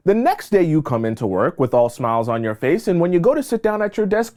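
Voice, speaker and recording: An emphatic man delivers dating advice to camera in a fairly high voice. His pitch swings widely as he acts out both parts of small everyday scenes. He keeps driving his points home with insistent emphasis. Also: huge pitch swings, brisk, few pauses. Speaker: dating coach. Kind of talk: direct-to-camera advice monologue.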